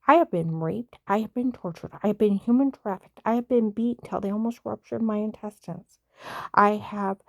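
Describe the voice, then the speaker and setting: A woman's voice: mid-range voice, creaky, no room sound, studio quality. A woman delivering an angry personal monologue, indignant and emphatic, who says she stutters when upset. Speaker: vlogger.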